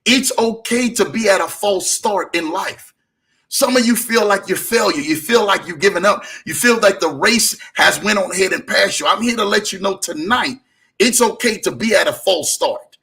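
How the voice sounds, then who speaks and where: Speaking at normal speed, a male motivational show host urges his audience on with a high, bright, pushed voice. His exhortations repeat and swell up and down like a sermon.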